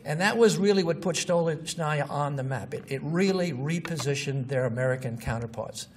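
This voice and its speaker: A man with a notably high voice gives a casual lecture with blunt, scoffing asides. He sits some distance from the mic, and a faint hiss runs under the recording. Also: moderate pace. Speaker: marketing lecturer. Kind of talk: informal lecture with examples.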